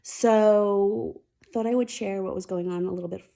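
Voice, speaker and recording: A woman with a mellow, warm voice and a gravelly edge talks straight to camera in a casual, heartfelt way. She hosts a weekly mindfulness segment and speaks openly and candidly about her feelings, confiding in her listeners. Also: mid-range voice, fairly even intonation, normal speed. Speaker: host of a weekly mindfulness talk.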